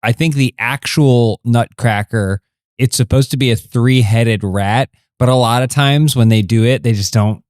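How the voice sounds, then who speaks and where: A man co-hosting a comedy podcast, telling absurd bits in a deadpan way. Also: medium pitch, moderate pace, dry recording, studio quality. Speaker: podcast co-host. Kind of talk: casual comedic banter.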